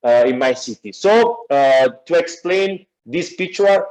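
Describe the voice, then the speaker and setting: A man with a noticeable Italian accent talks haltingly over a video call. His voice sits a bit high, and his explanations are broken up by frequent filler sounds. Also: animated, darkish tone, low-quality recording. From Naples, southern Italy. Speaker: guest speaker. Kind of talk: explaining pictures in an online class.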